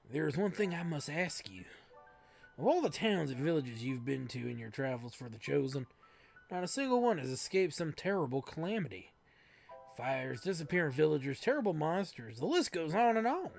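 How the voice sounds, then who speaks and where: A woman voicing a serious grown man who questions gravely and in a measured way, over faint game music. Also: low-pitched, sing-song, a little mellow, full character voice.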